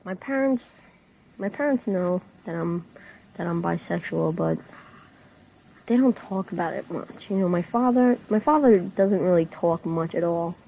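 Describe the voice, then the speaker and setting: A woman's voice: lowish voice, measured pace, creaky, dark tone, lo-fi sound, slight background noise. A seventeen-year-old girl talking casually about her life, with lots of fillers and restarts. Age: teens. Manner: casual, rambling with many fillers. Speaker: teen diarist. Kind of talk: personal audio diary.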